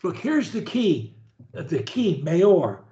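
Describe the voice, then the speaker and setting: A man leading a speech therapy session, modelling short phrases slowly and deliberately for his client to repeat. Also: high-pitched, sing-song, dark tone, echoey room, muffled recording.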